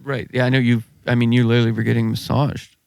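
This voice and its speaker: A man's voice: mid-range voice, little pitch movement, fast, gravelly, darkish tone, dry recording. Male podcast co-host, rambling casual talker, dry close mic. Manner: rambling, searching for words. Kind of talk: casual chat.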